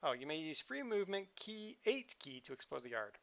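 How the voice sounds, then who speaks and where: Casting: male game streamer, bright and a touch high, playful and jokey, loose live chat. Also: sing-song, brisk, gravelly. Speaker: livestream host. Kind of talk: casual game commentary.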